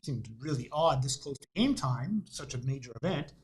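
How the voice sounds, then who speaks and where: A man, a doctor and author, chatting as a guest and telling jokes as a relaxed, sometimes hesitant storyteller. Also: medium pitch, normal speed, breathy edge, poor audio. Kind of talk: interview chat and joke telling. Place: office studio.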